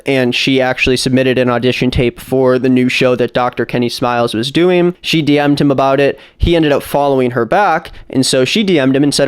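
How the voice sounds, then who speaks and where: Smooth-voiced man in blunt commentary. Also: mid-range voice. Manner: blunt, indignant critique. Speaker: commentary YouTuber. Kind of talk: casual commentary.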